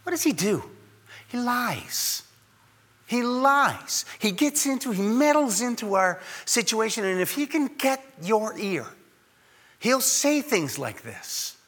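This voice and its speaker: A man's voice: very high-pitched, big pitch swings, slow, a bit bright, slightly rough, long reverb tail. A man preaching a sermon in a conversational way, acting out the voices of the people he quotes. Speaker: pastor.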